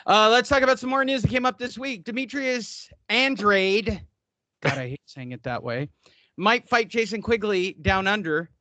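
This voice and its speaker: A man hosting a casual boxing podcast, excitable and joking, often cutting in with quick remarks. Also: high-pitched, no echo. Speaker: podcast host. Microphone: headphones, podcast mic.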